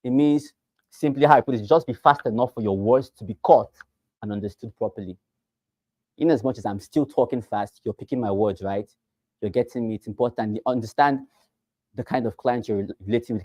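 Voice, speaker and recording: A man teaching real estate agents, who talks fast and with emphasis and repeats phrases to drive them home. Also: mid-range voice, warm tone, dry recording. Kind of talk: teaching a class.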